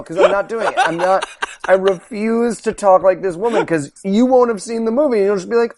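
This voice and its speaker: A man co-hosting a comedy podcast, talking in a sarcastic, rambling way with quick restarts. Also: high-pitched, a little mellow. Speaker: podcast co-host. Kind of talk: casual comedic movie chat.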